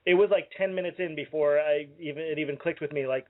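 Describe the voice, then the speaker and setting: A man's voice: a little high, steady tone, quick pace. A man co-hosting a comedy radio show, enthusing wryly about a film. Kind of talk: casual comedic banter. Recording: phone-like narrow-band audio.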